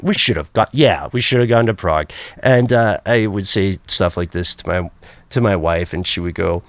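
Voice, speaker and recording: A middle-aged man telling a personal travel story on a podcast, lively and self-mocking, jumping high in pitch when he quotes people. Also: normal speed, no echo. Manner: animated, jumps high for quoted voices. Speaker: podcast guest. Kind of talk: casual storytelling.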